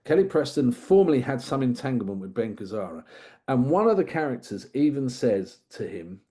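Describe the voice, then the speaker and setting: Here a man co-hosting a podcast casually reviews a film, retelling the plot through amused, wandering asides. His delivery is mellow and sing-song, medium in pitch and a little quick.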